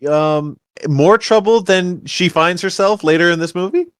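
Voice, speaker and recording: A man's voice: sits high, moderate pace, clean tone, no echo, clean studio sound. Man riffing animatedly on a movie. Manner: animated, acts out characters with jokey voices. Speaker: podcast co-host. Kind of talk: casual movie rewatch chat.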